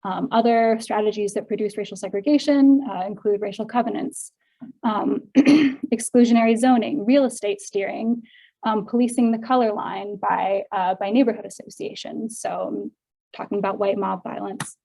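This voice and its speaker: A woman's voice: mid-range voice, normal speed, creaky, dark tone, low-quality recording. A woman giving an academic seminar talk, explaining research carefully with frequent ums, her voice sounding tired. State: voice getting tired. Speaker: seminar speaker.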